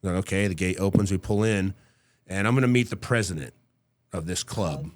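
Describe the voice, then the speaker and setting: Low-voiced middle-aged man telling a story. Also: fairly quick, a little hiss or hum. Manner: vivid storyteller who acts out the people he quotes; casual and profane. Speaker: podcast guest. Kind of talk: casual storytelling in an interview.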